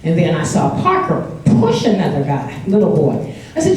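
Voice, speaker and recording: An older woman from California tells a family story to a live audience, chatty and laughing as she acts out the quotes. Her voice is low and mellow. She is heard from a distance in an echoing hall with a faint hiss. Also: wildly swooping pitch, normal speed. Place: indoor event hall with audience. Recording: echoey hall, far from mic.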